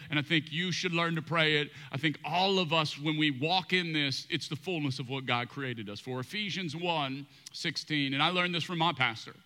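A man preaching a sermon as pastor, animated and playing out both sides of imagined conversations in a large church. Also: sits high.

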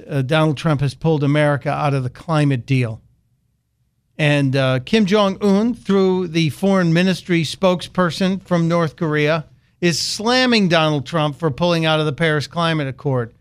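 A man's voice: fairly high pitch, normal speed, clean tone. Sarcastic male talk radio host. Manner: sarcastic, mocking.

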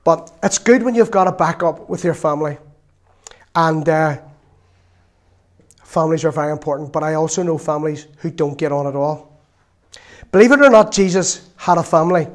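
A man's voice: fairly high pitch, moderate pace, pauses often. A man preaching a sermon in a chatty storytelling way, with laughs and asides.

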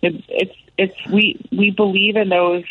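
A woman's voice: mid-range voice, little pitch movement, a little slow, no room sound, phone-quality sound. A woman guest on a talk show, speaking emphatically and repeating lines for rhythm. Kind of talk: impassioned talk show discussion.

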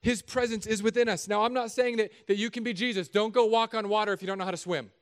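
Animated, higher-voiced male pastor preaching. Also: fast talker, clean tone. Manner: animated, conversational, joking. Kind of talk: sermon.

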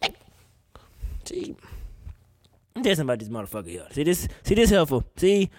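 A man's voice: a little high, sing-song, very fast, darkish tone, no echo, studio quality. A man ranting casually on a podcast, incredulous and swearing often, a bit tipsy. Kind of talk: casual opinion rant.

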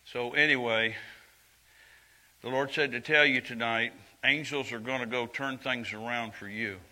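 Older man preaching, bright voice. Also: mid-range voice, fairly even intonation, measured pace, poor audio. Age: 70s. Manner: earnest and conversational, swinging from quiet confiding to loud emphatic lines. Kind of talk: sermon.

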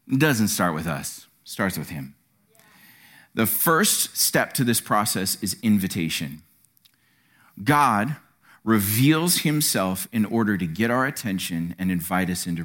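A man preaching a sermon in a church, animated and acting out quotes. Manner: animated, acts out quotes with sudden pitch jumps. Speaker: pastor.

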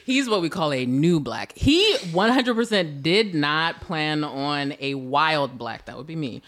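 Host, female, lively teasing delivery, voice swoops all over. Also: low-pitched, a little slow. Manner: teasing, animated, frequent laughter. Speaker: podcast host. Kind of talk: playful interview banter. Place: San Francisco.

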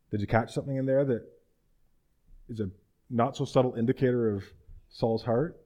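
A man's voice: medium pitch, fairly even intonation, normal speed, pauses often, warm tone, dull audio. A man preaching a casual, conversational sermon, retelling a scripture story and asking his listeners rhetorical questions.

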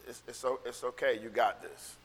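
A man's voice: mid-range voice, moderate pace, breathy edge. A male pastor preaching casually, telling a rambling story with many restarts that builds into fervent, repeated encouragement. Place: church sanctuary. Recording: long hall reverb.

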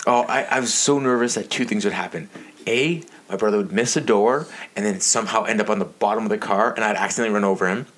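A man's voice: lowish voice, quick pace, fairly bright tone. A man in casual chat, talking in a chatty, self-deprecating way.

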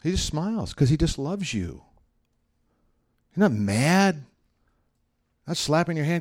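A man's voice: a little high, very animated, unhurried, long pauses, darkish tone. A man, a pastor, giving a sermon in a conversational, humorous style full of anecdotes.

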